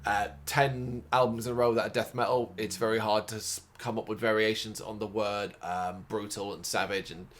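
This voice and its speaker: A man's voice: on the low side, level tone, normal speed, hardly any pauses, fairly bright tone. A tired man hosting his own video, talking unscripted and wandering off on tangents, with casual swearing and plenty of fillers. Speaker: host of a music and games review site.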